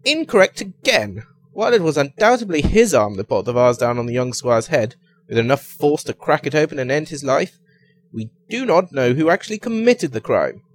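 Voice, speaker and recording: A man's voice: very animated, moderate pace. A man voicing an eccentric, grandiose male detective in a comic story, with theatrical exclamations. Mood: lofty. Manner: exclamatory, theatrical, high-pitched outbursts.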